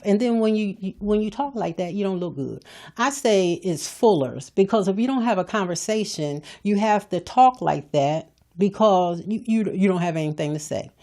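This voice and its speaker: An older woman hosts a podcast with a fairly low voice. She talks in a folksy, preachy way, blunt and scolding but with humor. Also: warm tone. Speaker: podcast host. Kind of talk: preachy motivational talk.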